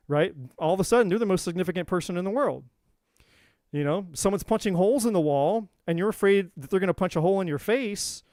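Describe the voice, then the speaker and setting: A man hosting a live tarot stream, explaining relationship patterns in an animated, casual way and acting out quoted voices. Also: high-pitched, dry recording, clean studio sound. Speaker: tarot reader and livestream host. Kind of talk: live-stream teaching talk.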